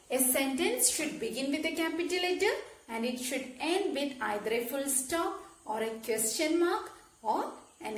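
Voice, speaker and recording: A woman teacher explaining a grammar lesson slowly, repeating key words and checking with "okay?". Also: sits high, reverberant. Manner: slow, repetitive explaining with frequent "okay?" checks. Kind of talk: classroom lesson.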